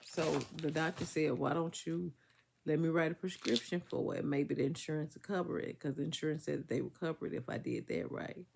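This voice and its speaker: Woman vlogger, fry in the voice, casual and emphatic, a bit under the weather. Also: low-pitched, a little fast, darkish tone, a little hiss or hum. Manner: chatty, emphatic, Southern US vernacular speech. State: congested, recovering from illness. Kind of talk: casual storytelling to viewers.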